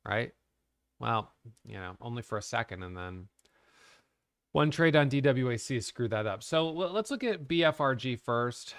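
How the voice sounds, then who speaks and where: A man's voice: mid-range voice, animated, normal speed, a bit bright, no echo, studio quality. A man giving a casual, frank recap of his day trades, talking through the charts and openly criticizing his own mistakes.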